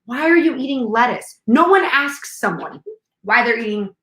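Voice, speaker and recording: A woman hosting a casual live chat, animated and talkative, jumping from topic to topic. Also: fairly high pitch, normal speed, roomy sound. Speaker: host.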